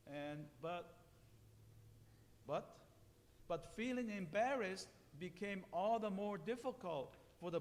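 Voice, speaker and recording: A male minister telling a story during a sermon, pausing to explain it and often restarting his words. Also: high-pitched. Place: temple hall. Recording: long hall reverb.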